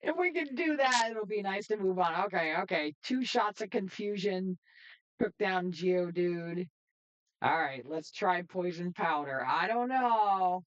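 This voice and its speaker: A woman streamer giving excitable, chatty live gameplay commentary. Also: fairly low pitch, a little slow, lo-fi sound. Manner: excitable, chatty, laughs often.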